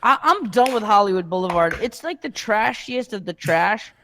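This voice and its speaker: High-voiced young man, swearing storyteller. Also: moderate pace, slight background noise. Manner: animated storytelling, heavy swearing. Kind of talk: casual chat.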